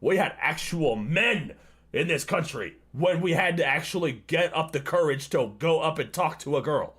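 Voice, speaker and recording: A man's voice: fairly high pitch, expressive, normal speed, a bit bright, breathy edge. A man hosting a livestream, reacting casually to a video, swearing often, laughing and ranting. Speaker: livestream host.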